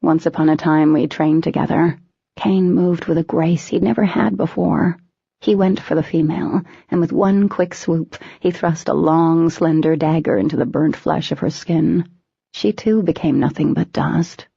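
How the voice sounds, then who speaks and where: A woman's voice: low-pitched, steady tone, moderate pace, vocal fry, mellow, breathy edge, no echo. A woman reading a novel aloud in first person, with dramatic, tense storytelling. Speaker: audiobook narrator. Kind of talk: first-person scripted narration. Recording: dull lo-fi recording.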